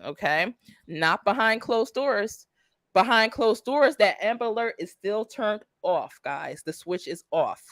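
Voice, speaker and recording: A woman's voice: medium pitch, animated, measured pace, a bit bright, dry recording. A woman hosting a true crime livestream, chatty and laughing often as she talks straight to her viewers. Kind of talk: casual livestream commentary.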